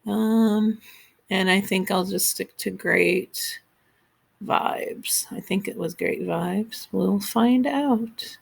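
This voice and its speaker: A woman's voice: medium pitch, steady tone, takes it slowly, vocal fry. A woman teacher walking her students step by step through a class project in a screen-recorded tutorial, patient and instructive.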